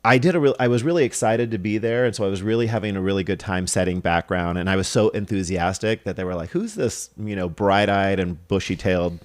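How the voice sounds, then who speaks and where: Low-pitched and talking fast with hardly any pauses, this man guests on a podcast as a film director and assistant director. His casual storytelling is animated, full of acted-out dialogue and his own laughter.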